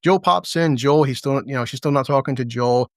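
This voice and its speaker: Brief: male reviewer, mid-pitched, crude and sarcastic, dry close sound, casual rant. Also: no echo. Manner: impersonates characters in quick asides. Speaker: TV show reviewer.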